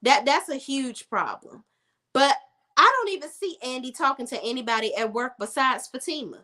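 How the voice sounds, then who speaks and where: A woman's voice: high-pitched, expressive, normal speed, pushed and bright. A young woman recapping a TV episode in a casual, sassy, emphatic way, repeating words for emphasis. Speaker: TV show reviewer.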